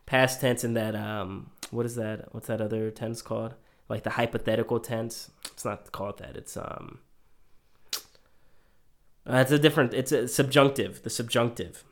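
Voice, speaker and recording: American guy on a podcast, teasing and blunt, cusses a bit, middle pitch. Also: fairly even intonation, normal speed. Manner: teasing, blunt, swears casually. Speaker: podcast co-host. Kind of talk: casual chat.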